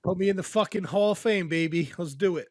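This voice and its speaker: A man co-hosting a podcast, crude and swearing constantly in loud joking rants. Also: sits high, fast, dry recording. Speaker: podcast co-host. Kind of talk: casual podcast chat.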